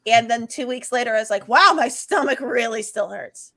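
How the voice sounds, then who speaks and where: Chatty woman with a higher voice. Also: moderate pace, sharp tone. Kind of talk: casual chat.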